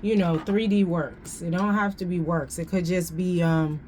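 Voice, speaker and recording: A woman's voice: fairly low pitch, fairly even intonation, moderate pace, noisy background. A woman giving a casual tarot reading, thinking aloud in a slangy way and repeating phrases as she goes. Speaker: tarot reader.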